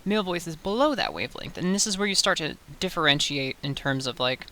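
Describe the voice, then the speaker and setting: A young woman giving a casual voice-training tutorial, chatty and loose, with fillers and quick self-corrections. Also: low-pitched, very animated, a bit bright. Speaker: voice coach. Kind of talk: casual tutorial talk to camera. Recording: faint hiss.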